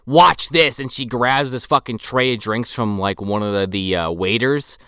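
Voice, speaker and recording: A man's voice: on the low side, normal speed, sharp tone, smooth, no room sound, studio quality. A man co-hosting a casual film podcast, loose and profane, recapping scenes with plenty of fillers.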